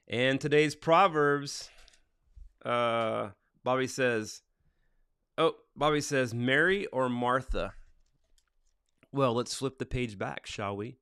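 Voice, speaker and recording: A middle-aged man hosts a casual morning devotional livestream, reading Bible passages aloud, then chatting loosely about them and answering viewers' comments from the live chat. His medium-pitched voice is slow, with frequent pauses, and has a fairly bright, clear, resonant tone. The studio sound is clean with no echo.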